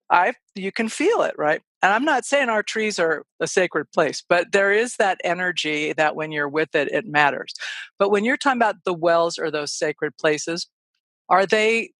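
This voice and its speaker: A woman's voice: fairly low pitch, no echo. A woman hosting a podcast, chatting casually and thinking aloud as she asks questions. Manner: warm, laughing, thinking aloud. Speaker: podcast host. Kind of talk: casual interview chat.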